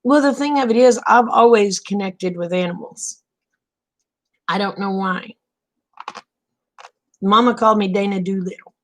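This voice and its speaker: A woman's voice: medium pitch, unhurried, pauses often. A middle-aged woman, telling a long homespun story in a casual vlog, full of "he said" asides. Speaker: vlogger. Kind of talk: casual late-night storytelling.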